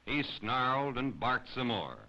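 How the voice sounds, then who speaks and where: A man narrating a children's storybook in an expressive, animated way. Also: medium pitch, a little slow. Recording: slightly dull lo-fi recording.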